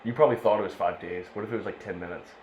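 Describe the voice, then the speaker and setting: A young man co-hosting a podcast, listening and giving short, relaxed reactions in casual chat. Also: on the low side, very fast, muffled recording. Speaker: podcast co-host. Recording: roomy, with faint background noise.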